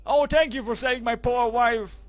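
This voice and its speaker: A man giving crude, joking, excitable commentary while playing a video game, now and then crying out German phrases. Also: very high-pitched, moderate pace, no room sound. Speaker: gaming commentator. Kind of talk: let's play commentary.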